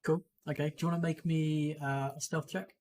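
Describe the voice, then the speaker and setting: Relaxed game master full of fillers. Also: medium pitch, fairly quick. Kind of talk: narrating a tabletop game.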